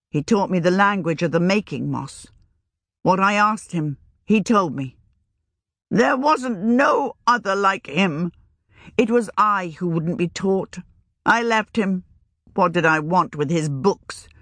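In an audiobook reading, a woman voices a shrewd, earthy old village witch, speaking in a rustic, old-fashioned country manner. She raises her pitch and lets it waver. The recording is dry.

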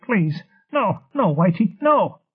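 A man's voice: on the high side, steady tone, slow, pitched above the performer's own voice. A man playing a strained, pleading man in pain. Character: anxious man in pain, protesting. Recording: tinny phone-like audio.

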